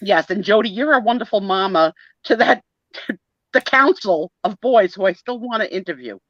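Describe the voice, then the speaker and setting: A woman co-hosting a live photo sale, chatting warmly and telling a story with laughs. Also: mid-range voice, expressive, normal speed, no room sound. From Italian-American family. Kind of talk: casual livestream chat. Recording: dull dry sound of a video call.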